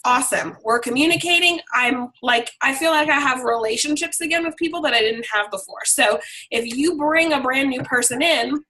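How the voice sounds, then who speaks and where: A hoarse woman leading her sales team on a video call, talking in a chatty, upbeat and loose way. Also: sits high, moderate pace, pushed and bright, poor audio. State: hoarse, frog in throat.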